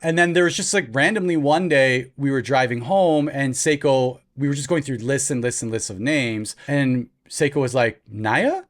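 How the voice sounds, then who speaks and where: A man's voice: medium pitch, normal speed, few pauses. A man in his thirties, co-hosting a podcast, tells a long story in a loose, rambling way full of fillers. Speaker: podcast co-host. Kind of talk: casual chat.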